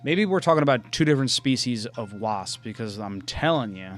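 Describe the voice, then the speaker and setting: A young man co-hosting a podcast, casually chatting, laughing often and swearing as he tells animated stories. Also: mid-range voice, fairly quick, faint music behind. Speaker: podcast co-host. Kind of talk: casual chat.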